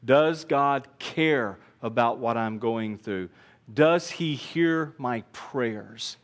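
A man preaching a sermon as pastor, earnest, dropping quiet and then rising to emphatic repeated lines. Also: medium pitch, drawn-out words.

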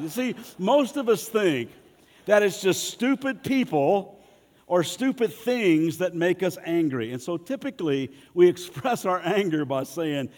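A man's voice: high voice, lively intonation, moderate pace, in a large hall. A man preaching a sermon in a folksy, humorous way, asking the congregation to respond and speak along. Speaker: pastor.

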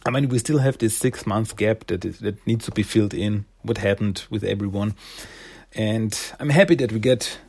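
A man's voice: on the low side, normal speed, vocal fry, darkish tone, slightly rough. A man casually recapping a comic issue, rambling and loose with many fillers. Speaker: comic reviewer.

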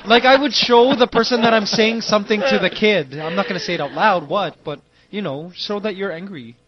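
A man's voice: high-pitched, fairly quick, muffled recording, a loud crowd. A man co-hosting a casual morning radio show, asking questions during call-ins. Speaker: radio co-host.

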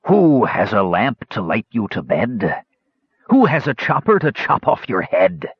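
A man's voice: on the low side, wildly swooping pitch, unhurried, breathy edge, dry recording, exaggerated voice. A man voicing a crazed male king who taunts in a snickering, mocking way. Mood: taunting. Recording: slightly dull lo-fi recording.

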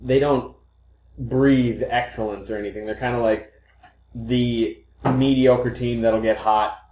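A man's voice: mid-range voice, steady tone, measured pace, dull audio. A man co-hosting a podcast, bantering casually about sports with a joking, chatty manner. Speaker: podcast co-host. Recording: roomy echo.

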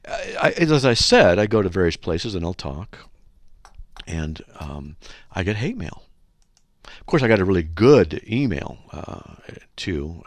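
A man hosting a radio talk show, speaking bluntly and argumentatively, with animated, joking asides. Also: sits low, creaky, no room sound.

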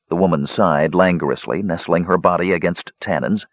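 A man narrating a fantasy audiobook with an expressive reading. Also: deep voice, a little fast, no echo. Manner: expressive reading with many character voices. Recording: dull lo-fi dry recording.

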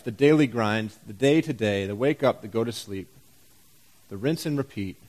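Wry, conversational man preaching. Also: on the high side. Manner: conversational, rhetorical questions, wry humor. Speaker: pastor. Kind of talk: sermon.

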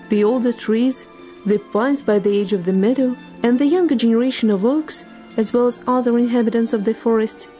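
A woman narrating a storybook tale in a measured, expressive reading. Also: fairly high pitch.

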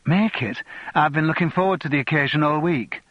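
A woman's voice: sits low, a little fast, dry recording, lo-fi sound, pitched above the performer's own voice. A man voicing a frank, eager wife who speaks bluntly.

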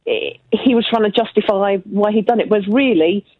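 A woman's voice: mid-range voice, brisk, no echo. Woman on a tinny, phone-like line. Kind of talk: casual radio chat.

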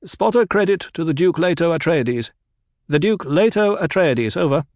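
A man's voice: fairly high pitch, animated, fast talker, creaky, no echo, studio quality, voice pushed up. A man voicing Kynes, a terse, businesslike desert ecologist who makes clipped radio calls. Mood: urgent, formal.

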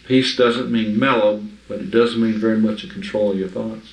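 He has a fairly low voice, fairly even intonation, and a normal pace. Teaching the Bible informally to a few people, he speaks in a chatty, emphatic way and keeps asking whether they understand. The recording comes from a far-off mic in an echoey room.

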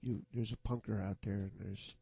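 A man hosting an online music jam, chatting casually in a rambling, halting way with frequent restarts and chuckles. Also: lowish voice, fairly even intonation, gravelly, warm tone, slightly rough, no room sound. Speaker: online jam session host. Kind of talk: casual chat.

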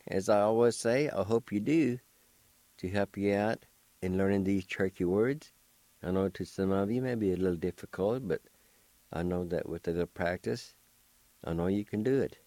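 A man's voice: fairly low pitch, normal speed, mellow, no echo. A man teaching words on the radio, spelling them out patiently letter by letter. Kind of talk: slow spelled-out language lesson.

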